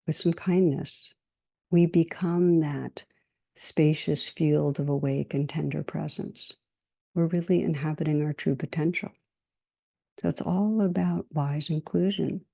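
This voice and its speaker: Gentle and measured, a middle-aged meditation teacher gives a dharma talk, moving slowly through lists and telling stories. Her voice is deep and creaky.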